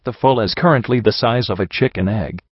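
A man's voice: fairly low pitch, fairly quick, husky, dry recording, highs cut off. A man voicing a brave but anxious young pony mare in a storybook reading, speaking hesitantly. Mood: nervous. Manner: hesitant and nervous.

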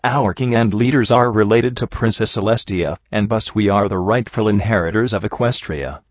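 A man reading the lines of a calm, dignified aristocratic unicorn prince in a storybook. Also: lowish voice, moderate pace, dry recording, muffled recording, close to an everyday voice.

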